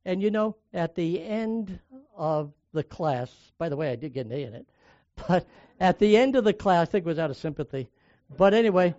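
A man's voice: high voice, animated, normal speed, mellow, dry recording, lo-fi sound. An older man from the United States preaching a sermon, telling personal stories in a conversational way and raising and dropping his volume for emphasis.

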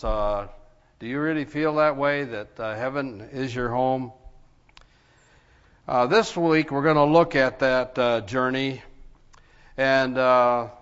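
A man leading prayer and preaching a sermon in church, speaking haltingly with many fillers. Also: medium pitch, fairly bright tone, clear, resonant tone, big-room sound. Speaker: pastor. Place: church sanctuary. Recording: lo-fi church broadcast.

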